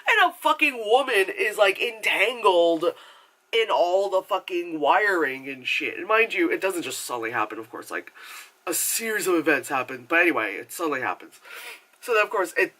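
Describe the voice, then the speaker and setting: A man's voice: high voice, very animated, moderate pace, bright, forceful tone. A man reviewing a movie in a casual, rambling rant, swearing freely and using lots of filler words. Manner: rambling, profane and chatty, full of filler words; acts out characters' lines in exaggerated voices.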